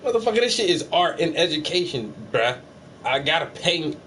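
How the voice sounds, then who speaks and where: A man's voice: fairly high pitch, very animated, normal speed, a bit bright. A man painting on a livestream, bantering with his chat in a joking, profane, teasing way. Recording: slightly distant mic, faint air-conditioner hum.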